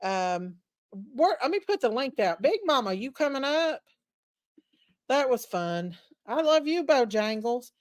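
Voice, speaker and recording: A woman's voice: on the high side, big pitch swings, unhurried. A woman chatting casually to viewers on a livestream from her farm home, rambling and addressing them as y'all. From Tennessee. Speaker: livestream host. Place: farm, outdoors then indoors at home. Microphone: phone or laptop.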